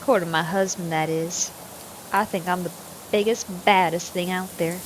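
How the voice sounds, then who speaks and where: A woman's voice: fairly low pitch, steady tone, moderate pace, a little hiss or hum, close to an everyday voice, low-quality recording. A woman voicing a brash 38-year-old Southern housewife in a put-on Southern drawl, reading her lines like a playful storybook. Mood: boastful.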